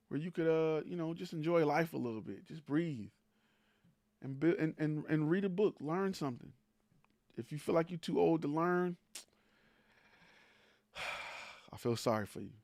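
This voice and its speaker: A man's voice: on the high side, dry recording. A man hosting a live stream, giving blunt, teasing business advice to creators with rhetorical questions. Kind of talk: blunt motivational talk.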